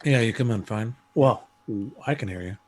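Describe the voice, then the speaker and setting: A man playing a tabletop game, describing his character in an unhurried, hesitant way. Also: fairly low pitch, darkish tone. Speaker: player. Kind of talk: casual chat.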